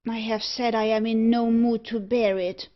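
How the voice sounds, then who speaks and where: A woman voicing a bitter, frightened young gentleman, delivering his lines slowly and tensely. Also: on the high side, steady tone, close to an everyday voice. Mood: agitated. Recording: dull lo-fi audiobook recording.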